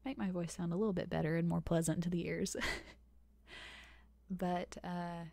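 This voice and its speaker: A young woman with a tamed Southern accent speaks softly into a close mic, slipping in and out of whispers. Her voice sits low and mellow, with a gravelly fry at the edges. The sound is dry and intimate, as in a soft-spoken ASMR Q&A. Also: level tone, normal speed, long pauses, dry recording. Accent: softened Southern US. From American South. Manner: soft, partly whispered, hesitant with many fillers. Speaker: ASMR channel host. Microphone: close microphone.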